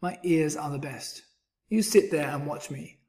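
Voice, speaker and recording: Man voicing a show-off storybook rabbit, high and brash, slow and drawn out. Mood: boastful. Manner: bragging, loud and high. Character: boastful male rabbit, proud and showy.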